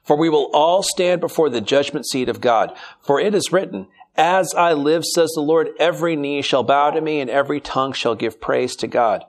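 A man's voice: on the high side, normal speed, few pauses. A middle-aged man preaching a sermon in a conversational, humorous way. He reads scripture aloud and then explains it.

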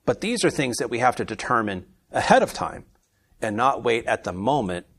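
A man leading a casual Bible study, reading scripture aloud with more force and then commenting in a low, easygoing aside. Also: big pitch swings, normal speed. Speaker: Bible teacher.

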